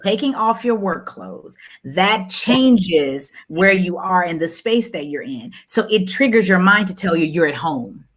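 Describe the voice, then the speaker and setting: Animated woman telling her story. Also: a little slow, hardly any pauses. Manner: animated, repeats phrases for emphasis, jumps high when quoting. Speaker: guest. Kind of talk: candid conversational storytelling.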